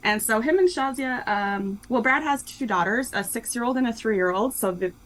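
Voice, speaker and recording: A woman's voice: fairly high pitch, normal speed, a bit bright, a little hiss or hum, rough recording. A young woman being interviewed about her children's book, talking casually and cheerfully with lots of "um" and "like". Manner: chatty and upbeat, many fillers like "um" and "like". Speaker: guest, children's book co-author.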